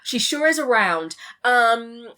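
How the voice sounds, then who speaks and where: A woman's voice: fairly high pitch, animated, takes it slowly, bright, forceful tone. A woman hosting a podcast, chatting casually and laughing often as she acts out quotes. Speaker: podcast host. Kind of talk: casual chat.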